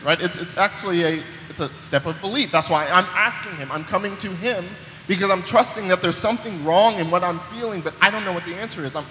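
A man's voice: high-pitched, bright, forceful tone, a little hiss or hum. A young man preaching a sermon in a conversational way, often repeating words as he starts a sentence, recorded in a church hall. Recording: echoey hall with long reverb.

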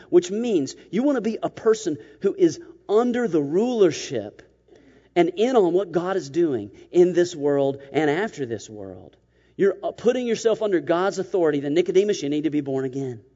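A man preaching a sermon in a conversational, humorous way, acting out quick asides. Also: a little high, dark tone. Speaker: pastor. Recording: dull sound with long hall reverb.

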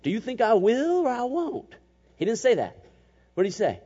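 A man preaching a sermon as pastor, animated and emphatic, sometimes slipping into mocking voices to make a point. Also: extremely high pitch, normal speed, slightly rough. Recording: muffled, long church reverb.

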